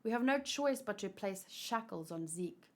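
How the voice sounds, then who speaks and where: A woman reading as a solemn, measured foreign ally from a comic, speaking slowly and gravely. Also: medium pitch, expressive, natural voice.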